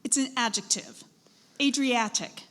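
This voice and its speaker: Spelling bee pronouncer, woman; measured and encouraging, bright tone, reverberant hall. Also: fairly high pitch. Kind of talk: pronouncing and defining words for contestants. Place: school event hall. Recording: echoey hall with long reverb.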